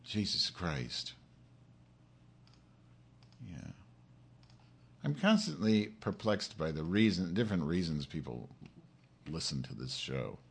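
A man's voice: sits low, very animated, measured pace, gravelly, pauses often, slightly rough. A man hosting his own live-stream show, in an angry, profane rant aimed straight at his audience.

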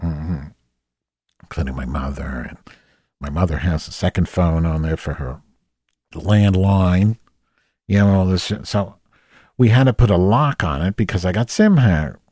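A man with a low voice rants through a comic story, swearing freely and sounding exasperated. The sound is close and dry. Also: a little slow, pauses often, a little mellow, slightly rough, dry recording. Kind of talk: comedic rant monologue.

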